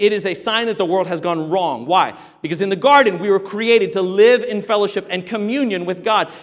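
A man preaching a sermon as pastor, emphatic, with sudden loud exhortations. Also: sits high, big-room sound.

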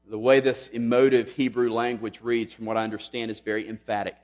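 A man preaching a sermon, emphatic, rising loud on questions and dropping to a hush on key lines. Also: mid-range voice, level tone, fairly quick. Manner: emphatic, swings between loud and hushed. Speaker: pastor.

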